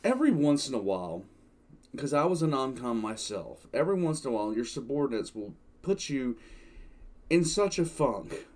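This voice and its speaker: An older man casually reacting to a story, mid-pitched and conversational. He breaks in with exasperated groans and dry asides, a host talking over a reading. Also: sing-song, moderate pace, darkish tone.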